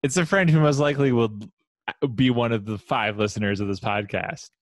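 A man's voice: mid-range voice, steady tone, a little fast, no room sound. Chill young guy on a podcast telling a story, dry close mic, laughs along. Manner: laid-back, storytelling, laughing. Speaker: podcast co-host. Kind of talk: casual chat.

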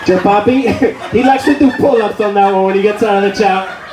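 Animated, high-voiced male stand-up comic. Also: fairly quick. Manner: animated, profane storytelling. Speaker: comedian. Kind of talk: stand-up storytelling. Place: comedy club stage. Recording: roomy club, distant mic, crowd noise.

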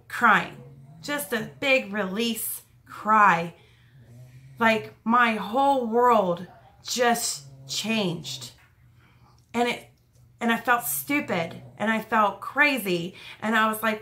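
Slow-talking young woman with a bright voice. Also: medium pitch. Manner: halting, emotional, many fillers and restarts. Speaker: vlogger telling a personal story. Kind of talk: casual storytime.

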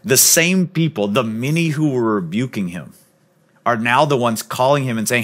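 A man preaching a sermon as pastor, earnest and emphatic, sometimes dropping to a soft, low voice. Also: lively intonation, normal speed. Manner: drops to a soft, low voice on key points.

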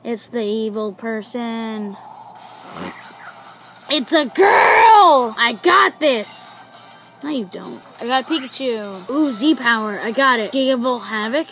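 A young woman giving let's-play commentary, excitable, gasping, swearing and shouting at the game. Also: high voice, slow pace, faint music behind, low-quality recording. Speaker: gaming YouTuber.

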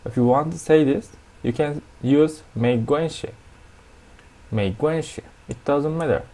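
A man with a Turkish accent teaching a language lesson at a whiteboard, explaining slowly and repeating each new word. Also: fairly high pitch, mellow.

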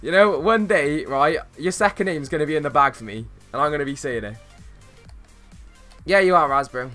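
A young man streaming a football game, chatting casually with viewers and reacting to plays with bursts of excitement. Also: a little high, normal speed, faint music behind. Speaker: gaming streamer. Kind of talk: casual live-stream chat while playing.

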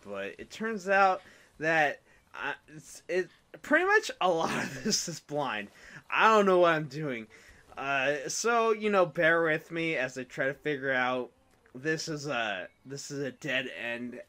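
A man's voice: a little high, sing-song, unhurried, bright, forceful tone. A young man giving casual, rambling, self-mocking commentary while playing a video game. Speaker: let's play host.

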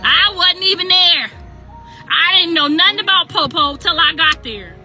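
A woman's voice: extremely high pitch, expressive, normal speed, sharp tone, soft background music. A middle-aged woman ranting on a phone livestream, emphatic and repetitive, with a sassy edge.

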